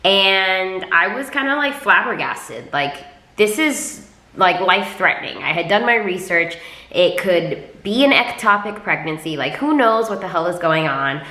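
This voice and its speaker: A woman's voice: medium pitch, expressive, measured pace, pushed and bright. A young woman vlogger telling a personal story to camera in a candid, chatty way, with lots of filler words. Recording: echoey room.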